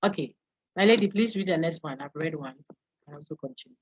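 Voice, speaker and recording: A woman lecturer walks her online class through quiz answers, explaining each option and calling on students by turn. Her voice sits low and comes through dry and slightly muffled over the call. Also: animated, quick pace, slightly rough, dry recording. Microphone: video call.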